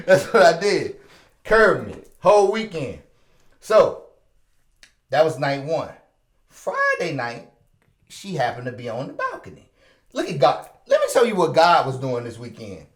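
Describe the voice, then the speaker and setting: Animated male podcast host, roomy sound. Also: on the high side, takes it slowly, pauses often. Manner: lively, acts out quoted dialogue, laughs often. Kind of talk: animated storytelling chat. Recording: roomy echoey room.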